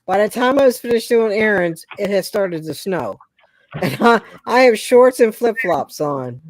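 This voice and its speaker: A woman in her sixties from Pennsylvania talks in an emphatic, chatty way at a middle pitch. Her voice sounds dry and close to the mic. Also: lively intonation, no room sound. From Pennsylvania, USA. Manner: chatty, emphatic, quick to laugh along. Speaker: host. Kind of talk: casual chat.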